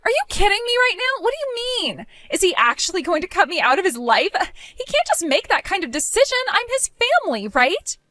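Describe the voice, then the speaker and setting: A spiteful young woman who mocks and whines, as a woman acts her out, her voice high and swinging wildly up and down. She sounds petty and childish. Recorded close and dry. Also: sing-song, normal speed, a bit bright, dry recording. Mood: pleading. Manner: mocking, whiny, pleading. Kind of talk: amateur voice drama.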